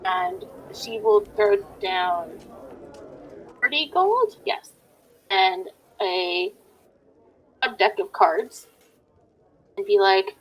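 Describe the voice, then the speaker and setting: A woman's voice: medium pitch, lively intonation, very slow, pauses often, dull audio. A woman player describing her character's actions, casual and a bit hesitant.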